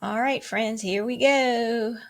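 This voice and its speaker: A woman music teacher leading a playful online rhythm lesson for children, cheering often and chanting rhythm syllables and counts. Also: slow pace. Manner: bubbly and playful, with high whoops and cheers.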